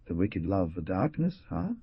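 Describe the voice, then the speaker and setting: A man voicing a big, coarse, mocking man who jeers loudly and bellows with laughter, on a dull lo-fi recording. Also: low voice, very animated, moderate pace, breathy edge, no room sound, exaggerated voice. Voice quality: loud and jeering.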